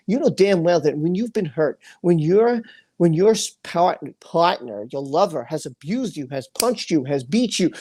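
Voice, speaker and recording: Impassioned and furious, this man hosting a livestream keeps repeating himself while reading out comments from chat. His voice leans high, with a warm tone and a breathy edge.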